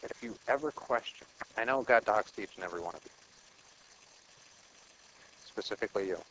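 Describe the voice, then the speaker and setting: A man with a quite low voice delivers a sermon in a casual, conversational way. He tells his points as everyday stories and drives them home with short, repeated exhortations. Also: lively intonation, quick pace, fairly bright tone, dull audio, a little hiss or hum. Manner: storytelling, acting out dialogue in plain voice; repetitive, exhortative phrasing. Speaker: preacher.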